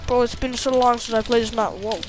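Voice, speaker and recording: A man chatting casually as he plays a video game, often breaking into sudden loud exclamations. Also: very high voice, a little fast, music in the background. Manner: excitable, bursts of loud exclamations. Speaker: gaming streamer. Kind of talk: casual gameplay chat.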